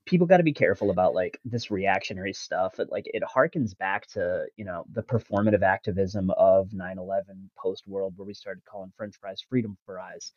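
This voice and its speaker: Blunt, deep-voiced male bar guest. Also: little pitch movement, moderate pace, hardly any pauses, a little mellow, no room sound, muffled recording. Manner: blunt, profane, sarcastic. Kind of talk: casual podcast chat.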